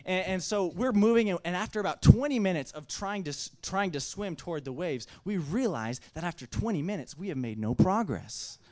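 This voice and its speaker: A man with a fairly high voice tells a family story at a microphone with lots of excitement. He surges loud, drops back, and trips over his own restarts as he goes. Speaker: speaker telling a family story at a mic. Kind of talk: animated personal storytelling.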